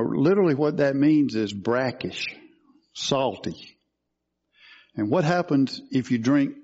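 This sermon comes from a man whose medium-pitched voice sounds mellow, with the high frequencies cut off. Teaching from scripture, he addresses questions to the congregation.

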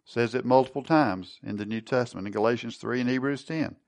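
Gravelly-voiced man preaching a sermon. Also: mid-range voice, fast talker, darkish tone. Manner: teaching, asks the congregation questions. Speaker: pastor.

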